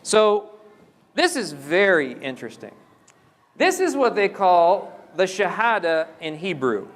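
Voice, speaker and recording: A man's voice: high voice, sing-song, a little slow, fairly bright tone. A man giving a religious lecture, explaining step by step and asking the audience questions. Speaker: Islamic lecturer. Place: mosque hall. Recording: long hall reverb.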